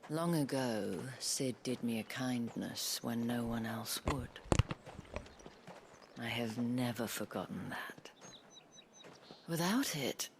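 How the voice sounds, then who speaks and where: An actress voicing a sultry, scheming brothel madam in a video game, speaking in a breathy near-whisper with slow, teasing, silky delivery. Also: female voice, a bass voice, a little hiss or hum, full character voice.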